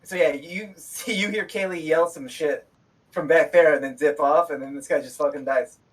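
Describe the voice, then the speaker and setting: A man's voice: on the high side, moderate pace, husky, recorded from a distance, poor audio. A man running a tabletop game as game master, narrating in a loose, joking way and swearing freely.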